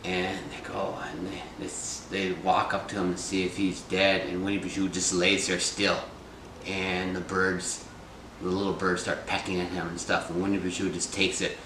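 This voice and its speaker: A man's voice: deep voice, monotone, moderate pace, reverberant, distant mic, background noise. A man telling a folk tale in a loose, chatty way, full of fillers. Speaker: storyteller. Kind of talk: casual storytelling of a folk tale.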